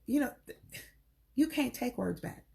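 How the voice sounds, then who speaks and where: A woman's voice: a little high, expressive, a little slow, gravelly, a little mellow. A middle-aged woman coaching on relationships in casual, sassy talk, preaching straight to the ladies. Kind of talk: casual talk to camera, live stream.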